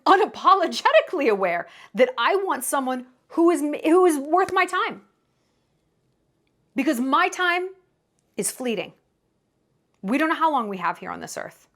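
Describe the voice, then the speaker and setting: A woman's voice: high-pitched, fairly bright tone. A young woman talking to camera with dating advice, emphatic and dramatic, slipping into quoted voices. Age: young adult. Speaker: vlogger giving dating advice. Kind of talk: casual to-camera commentary.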